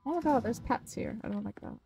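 Excitable gamer girl streaming, highish voice, swings all over, curses a lot. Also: quick pace, vocal fry, a little hiss or hum, low-quality recording. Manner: excitable, swears often, shrieks at scares. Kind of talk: live game streaming chat.

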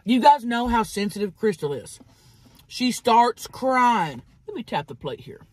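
A woman vlogger telling a crude story in a fast, animated way while eating. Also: a little high, no echo.

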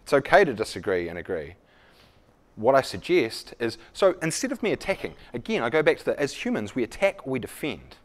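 A man's voice: medium pitch, big pitch swings, brisk. A man leading a live leadership workshop, talking conversationally to the room and acting out example dialogues. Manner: conversational, self-deprecating, acts out dialogues. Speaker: leadership speaker.

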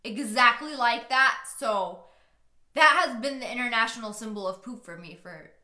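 Young woman, twenties, American, giggly, swears, very bright voice, echoey room. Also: a little high, normal speed. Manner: giggly, swearing, animated reactions. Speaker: YouTuber reading funny texts. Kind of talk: reading texts aloud with commentary. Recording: roomy echo.

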